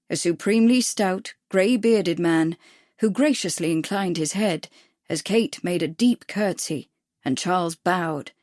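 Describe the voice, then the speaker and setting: A woman narrating a period mystery audiobook in a measured, even storytelling manner on a close mic. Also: medium pitch, no echo. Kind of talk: scripted narration.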